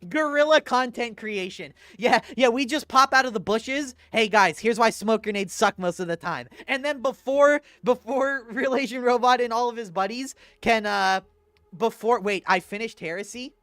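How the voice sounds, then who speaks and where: A man's voice: extremely high pitch, normal speed, a bit bright, dry recording. Laid-back profane male game streamer. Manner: laid-back, profane, answers chat with sarcastic asides. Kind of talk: casual livestream chat while gaming.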